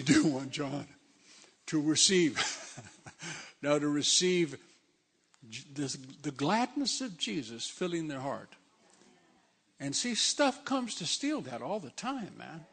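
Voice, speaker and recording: A man preaching a sermon in a loose, conversational way, driving his points home with emphasis. His voice sits high and has a gravelly rasp. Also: a bit bright.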